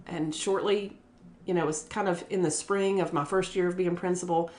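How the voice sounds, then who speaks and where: A woman's voice: on the low side, normal speed, a little hiss or hum. A middle-aged woman from West Virginia, an elementary school principal, telling her story in a casual, earnest way and briefly voicing the people she quotes. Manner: earnest, lively, voices other people when quoting them.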